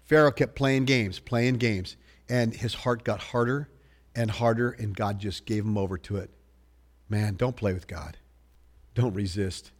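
A man preaching a sermon in a church, telling the story in an animated, joking way and swinging between loud bursts and hushed lines. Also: on the low side, a little slow. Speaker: pastor.

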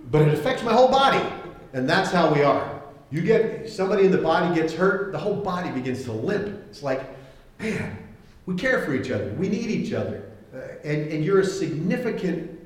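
A man preaching a sermon as pastor, conversational and animated, acting out the voices he quotes. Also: on the high side. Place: church hall. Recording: echoey hall.

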